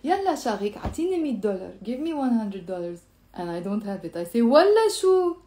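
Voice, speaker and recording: A woman's voice: mid-range voice, expressive, rapid-fire, dark tone, echoey room. A woman with a Lebanese accent teaching a live Arabic lesson from home, mixing English and Arabic and acting out different tones of voice. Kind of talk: live-streamed language lesson. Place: home room.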